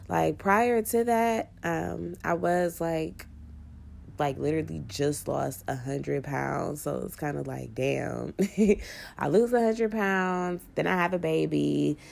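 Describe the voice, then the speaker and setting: A woman's voice: low-pitched, slow pace, creaky, a little mellow. A young woman chatting casually and profanely to her vlog audience, laughing often and saying she is hungover. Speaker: vlogger.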